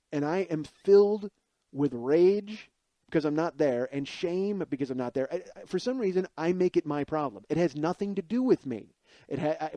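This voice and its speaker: A man's voice: on the high side, dark tone, no room sound. A man in his forties, a podcast host, telling a comic personal story in a profane, rambling, self-deprecating monologue. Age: 40s.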